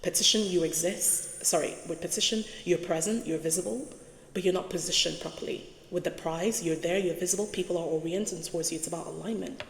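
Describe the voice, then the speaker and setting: Reflective woman host, low gravelly voice, leans on key words; echoey room with a long tail. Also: a little hiss or hum. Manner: slow, emphatic, repeats key words, asks "right?". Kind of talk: casual spoken reflection while writing on a board.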